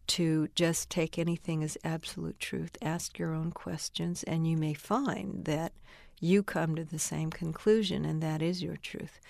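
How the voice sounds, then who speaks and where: Low, gravelly-voiced older woman author. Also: dry recording, studio quality. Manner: thoughtful, searching for words, laughs now and then. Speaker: novelist interviewed about her work. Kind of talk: reflective interview answers.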